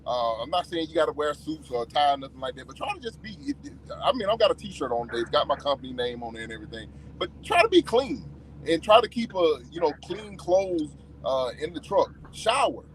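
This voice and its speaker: A man who drives his own truck, talking in a casual podcast chat, halting with many restarts. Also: on the high side, very animated, slight background noise, rough recording. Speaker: owner operator truck driver.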